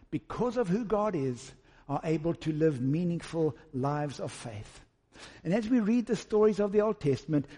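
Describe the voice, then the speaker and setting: South african guy preaching a sermon, kinda high and mellow voice, big echoey church hall. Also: breathy edge. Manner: earnest, repetitive preaching cadence. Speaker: pastor. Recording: long hall reverb.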